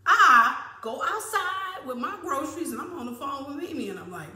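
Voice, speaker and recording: A woman's voice: sits high, normal speed. Sassy, laughing woman host telling a story. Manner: animated, laughs often, sassy. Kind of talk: casual storytelling chat. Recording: echoey room with faint noise.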